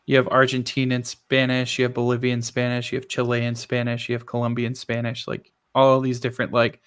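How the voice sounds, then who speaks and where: A man's voice: mid-range voice, fairly quick, clear, resonant tone. A man talking casually on a tech podcast, chatty and self-deprecating. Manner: chatty, self-deprecating, quotes people in lively voices. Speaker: podcast host.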